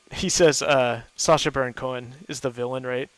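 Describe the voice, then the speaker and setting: A man hosting a co-op game stream, chatting casually and easily with friends, laughing often and thinking out loud as he plays. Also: mid-range voice, no room sound. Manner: thinks aloud with fillers. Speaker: gaming host playing with friends. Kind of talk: casual chat while gaming.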